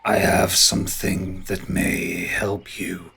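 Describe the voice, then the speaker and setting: A man voicing an ancient male tree spirit that speaks slowly and gravely. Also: level tone, sharp tone, exaggerated voice. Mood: solemn. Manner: slow, low, grave delivery.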